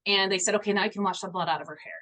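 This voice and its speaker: A woman's voice: mid-range voice, fairly even intonation, very fast, sharp tone. A middle-aged woman guesting on a podcast as a homeopath, telling a story earnestly with lots of restarts.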